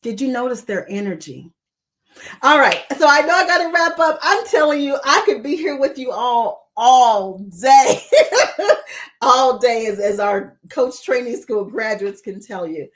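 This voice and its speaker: Expressive woman hosting a coaching talk. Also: high voice, normal speed. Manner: expressive, emphatic, repeats key words. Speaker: coach trainer, host of a weekly live show. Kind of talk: live-streamed coaching talk.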